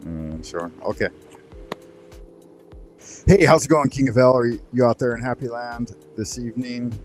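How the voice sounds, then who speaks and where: A man hosting a casual online voice chat, laid-back and mildly amused, trying to calm the others down. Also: medium pitch, fairly quick, soft background music. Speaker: host of a voice chat.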